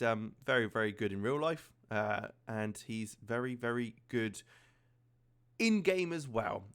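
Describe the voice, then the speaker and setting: A man casually commentating his own football management game, chatty and prone to fillers, getting excited at key moments. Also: medium pitch, smooth. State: slightly out of breath. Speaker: gaming channel host.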